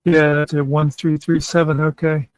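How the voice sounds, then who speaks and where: A man's voice: fairly high pitch, little pitch movement, normal speed, smooth, dry recording, rough recording. A man hosting a casual chat show, rambling and meandering with many fillers. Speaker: podcast host.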